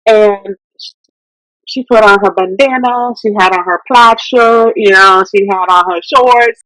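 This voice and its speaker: A woman's voice: mid-range voice, measured pace, dry recording, rough recording. A woman from Puerto Rico, a therapist and podcast guest, telling stories in casual chat and dropping in Spanish phrases. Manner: animated, switches into Spanish phrases.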